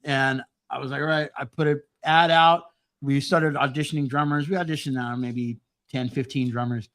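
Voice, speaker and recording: A middle-aged man who hosts a podcast and plays music, telling a story in a casual, animated way with a lot of swearing. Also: medium pitch, normal speed.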